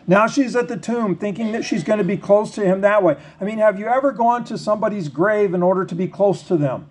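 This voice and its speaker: A man preaching a sermon, reading scripture slowly and then talking it through in a conversational, questioning way. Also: high-pitched, a little hiss or hum. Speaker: pastor.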